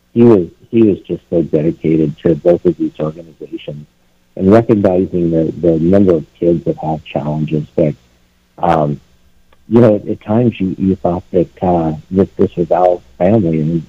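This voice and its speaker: A man's voice: sits low, breathy edge, no echo. A man guest on a radio talk show, speaking earnestly and casually. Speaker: event organizer guest. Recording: dry tinny phone-like line.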